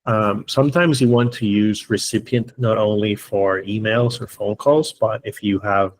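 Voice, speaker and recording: A man's voice: lowish voice, fairly even intonation, measured pace, poor audio. A man teaching an online English class, explaining patiently step by step and often checking in with his students. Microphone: computer mic on a video call.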